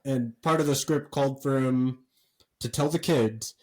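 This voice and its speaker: A man co-hosting a podcast, telling a story in a rambling, animated way with lots of fillers and swearing. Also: medium pitch, a little slow, rough recording. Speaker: podcast co-host. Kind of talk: casual chat.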